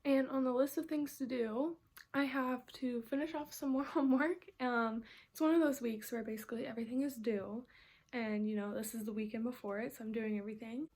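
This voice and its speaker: A young adult woman, an art student, talks briskly about her week in a casual vlog, her high voice steady and a little mellow. She tells her story chattily, full of "like" and similar fillers.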